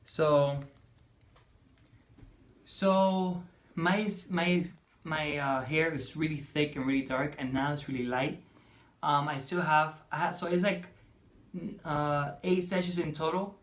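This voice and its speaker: A woman chatting through a storytime vlog, animated and chatty, acting out bits of dialogue. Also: low-pitched. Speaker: vlogger.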